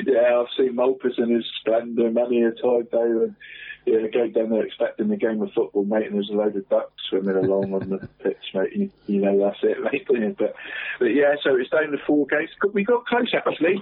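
A man's voice: mid-range voice, moderate pace, slightly rough. A man chatting about football predictions, saying "mate" constantly and laughing often. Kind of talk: casual chat. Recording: tinny phone-line sound.

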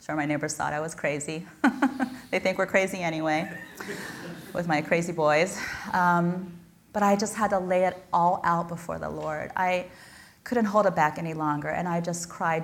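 A woman's voice: lowish voice, moderate pace. A woman giving a personal, earnest sermon, reading scripture and telling her own story with touches of self-deprecating humor. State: blind.

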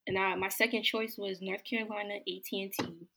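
A woman's voice: mid-range voice, steady tone, fairly quick, creaky, bright, forceful tone, slight background noise. A woman chatting casually, talking in a loose way full of fillers. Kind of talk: casual chat.

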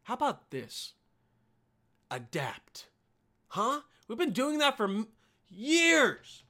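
A man's voice: high-pitched, takes it slowly. A young man from Bosnia hosting a casual solo podcast, ranting with lots of swearing and calling listeners dude. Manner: profane, animated, calls listeners dude and man. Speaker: podcast host.

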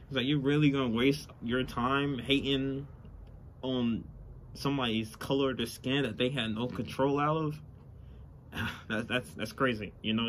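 A young man hosting a casual solo podcast, rambling and swearing freely, recorded outdoors on a phone near passing traffic. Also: mid-range voice. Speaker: podcast host. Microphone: phone mic, later plugged-in mic. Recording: faint car traffic noise outdoors.

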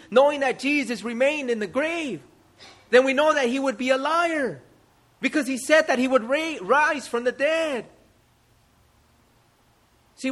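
Male pastor, sermon delivery, very high pitch, rhetorical questions and repetition. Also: fairly bright tone. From United States. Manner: emphatic rhetorical questions, repeats phrases.

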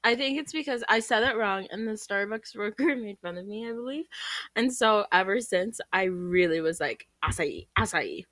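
A woman's voice: medium pitch, moderate pace, a bit bright, no echo. A young woman from the Midwest co-hosting a podcast, chatting casually, laughing often and drifting off on tangents. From American Midwest. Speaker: podcast co-host. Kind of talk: casual chat.

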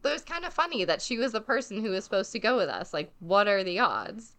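A young woman in casual chat, telling a story in an animated way, acting out what people said and using lots of fillers. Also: mid-range voice, fast. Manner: animated storyteller, acts out quotes, many fillers. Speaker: podcast co-host telling a travel story.

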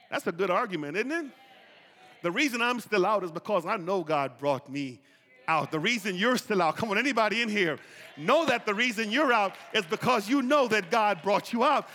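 A high, bright-voiced man preaches a sermon in a church. He talks with a folksy drawl and calls out to the congregation for answers. His voice swings widely and rings out with a long hall reverb. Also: animated, normal speed. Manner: impassioned call-and-response preaching; folksy, drawls "y'all" and "ain't". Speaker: pastor. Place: church sanctuary.

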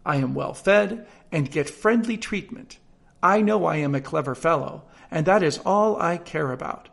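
A self-satisfied storybook parrot, put on by a man reading aloud, lecturing the other birds and bursting into shrill, loud squawks. The voice stays high with a gravelly rasp. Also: lively intonation, moderate pace, heavily acted. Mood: smug. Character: smug, boastful pet parrot, male.

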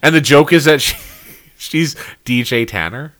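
A man's voice: medium pitch, unhurried, a bit bright. A man co-hosting a casual podcast, reviewing a TV show with sarcasm, frequent swearing and laughter. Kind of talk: casual chat.

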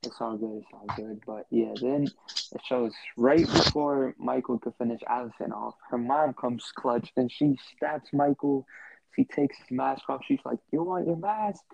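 Gravelly laid-back man on dull audio. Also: mid-range voice, fairly even intonation, a little slow, a little mellow, dry recording. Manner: laid-back, agreeing in short interjections. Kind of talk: casual chat. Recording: dull lo-fi recording.

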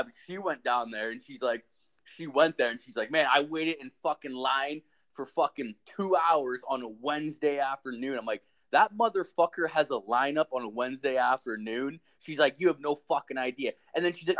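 A young man from Ontario, Canada, hosting a podcast and telling a rambling story in casual chat, swearing constantly. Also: a little high. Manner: profane, rambling, animated storyteller. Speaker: podcast host.

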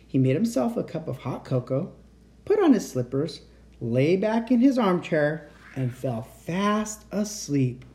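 Lively, mellow bedtime story reader. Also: male voice, on the high side, measured pace. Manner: expressive storyteller. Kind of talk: reading a children's picture book aloud.

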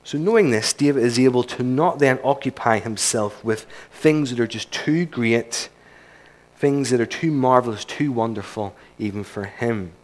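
A man's voice: mid-range voice, moderate pace. A man preaching a sermon in a church service, earnest and emphatic, building his points through repetition.

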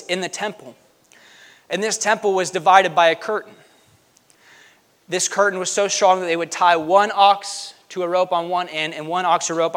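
A man preaching a lively sermon, emphatic and joking, swinging between loud bursts and hushed asides. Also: high-pitched. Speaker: pastor.

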